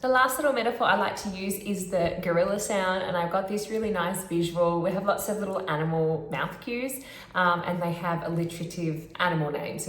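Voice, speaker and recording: Woman speech pathologist explaining in an echoey room. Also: fairly low pitch. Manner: friendly, clear, demonstrates sounds. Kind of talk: instructional explanation to camera.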